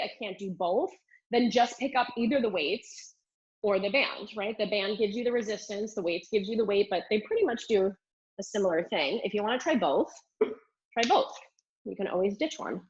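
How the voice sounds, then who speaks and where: A woman Pilates instructor cueing and counting reps in a live online class, exercising along and a bit strained. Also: fairly high pitch. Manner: upbeat counting and cueing while doing the moves. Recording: slightly dull lo-fi stream audio.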